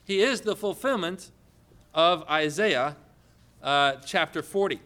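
A male pastor preaching a sermon, lively and often asking the congregation questions. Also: a little high, takes it slowly.

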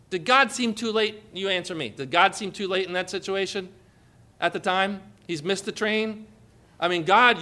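A man preaching a sermon in an animated, emphatic way, asking the listeners rhetorical questions. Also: a little high.

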